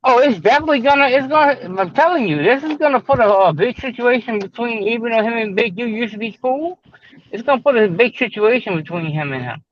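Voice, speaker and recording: A man's voice: very high voice, lively intonation, fairly quick. A man co-hosting a podcast in casual chat, blunt, profane and insistent. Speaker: podcast co-host. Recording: muffled lo-fi audio with faint hiss.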